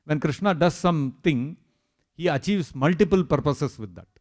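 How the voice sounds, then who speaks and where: Man preaching, slightly high voice. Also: normal speed, darkish tone. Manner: storytelling with dramatized quotes and emphatic lists. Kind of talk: sermon on scripture. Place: temple.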